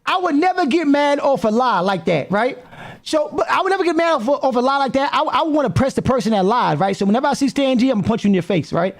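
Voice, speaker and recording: A man with a very high voice, reacting live to a clip on his stream. His pitch jumps all over the place. He repeats himself, keeps calling out to people and riffs loudly. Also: lively intonation, fast talker, vocal fry.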